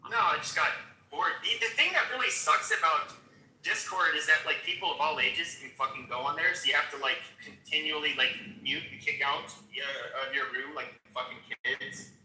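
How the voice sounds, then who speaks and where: A man's voice: fairly high pitch, normal speed, bright, forceful tone, a little hiss or hum. A man in casual livestream chat, rambling with many fillers, swearing and restarts. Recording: roomy echo, distant mic.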